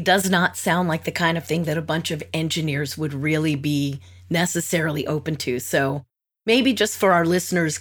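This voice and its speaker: A woman hosting a podcast, asking her guest thoughtful interview questions in a conversational way. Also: fairly low pitch. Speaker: podcast host.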